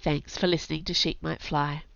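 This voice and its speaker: A woman with a cold, an author reading her own story aloud with clear storytelling and chatty asides. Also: low voice, level tone, normal speed, no echo. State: has a cold. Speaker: author and podcast narrator. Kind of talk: audiobook narration. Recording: dull, dry home recording.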